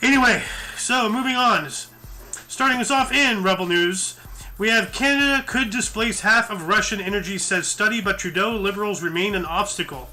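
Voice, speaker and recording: A tired man hosts a casual news commentary show, reading articles aloud and rambling between them with fillers and self-corrections. His voice sits high for a man and sounds strikingly bright and sharp. Music plays faintly underneath. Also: moderate pace.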